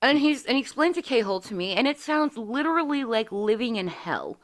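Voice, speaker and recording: A woman's voice: on the high side, sing-song, a little fast. Candid, swearing woman in her forties. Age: 40s. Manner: candid, profane storytelling with acted quotes. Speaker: podcast host. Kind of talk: casual chat.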